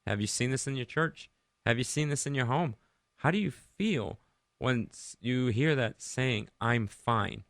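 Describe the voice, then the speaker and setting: A Rhode Island man hosts a Christian radio show, chatting conversationally, putting many questions to listeners and leading a prayer. His medium-pitched voice is unhurried and fairly bright, and the studio sound is clean with no room noise.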